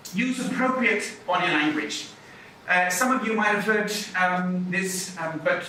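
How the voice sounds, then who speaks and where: A middle-aged man, a university lecturer, talking lively and chatty about public speaking, moving around as he talks. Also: sits high, a little hiss or hum. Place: lecture hall. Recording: echoey hall, mic from far off.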